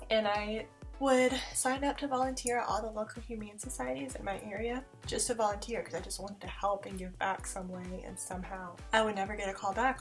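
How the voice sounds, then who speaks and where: Chatty young woman vlogger. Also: mid-range voice. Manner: chatty, fillers of "like", animated retelling. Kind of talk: casual Q&A storytelling.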